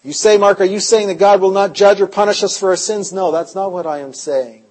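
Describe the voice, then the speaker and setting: A man preaching a sermon with a rather high voice. He moves between hushed, slow confession and loud, urgent, rising appeals. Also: poor audio. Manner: impassioned, swings from hushed to loud. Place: conference hall.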